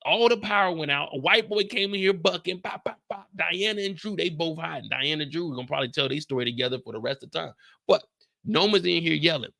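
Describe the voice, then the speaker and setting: Young man, live-stream recap host, gravelly tone, bright forceful delivery, profane animated storytelling. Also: a little high, quick pace.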